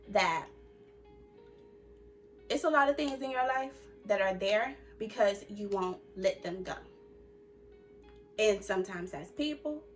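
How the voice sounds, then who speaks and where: A young woman hosting a casual advice chat, talking emphatically and repeating her points like a sermon. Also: medium pitch. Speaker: host.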